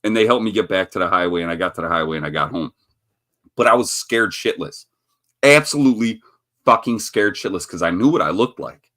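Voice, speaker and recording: This Chicago-area livestream host has a low, slightly bright voice and speaks animatedly, a little fast. In casual chat he rambles through a profane story, often cracking up mid-telling.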